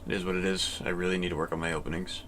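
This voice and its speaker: A man's voice: low voice, flat delivery, rapid-fire, fairly bright tone, slight background noise. A man playing online chess and thinking aloud, in a glum, self-critical mutter. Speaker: chess player.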